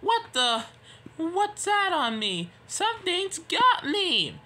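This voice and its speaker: A man voicing a frightened young female tank engine in a homemade toy train story, with a shrill, squealing voice and faint noise behind. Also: wildly swooping pitch, slow, pushed and bright, full character voice. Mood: panicked.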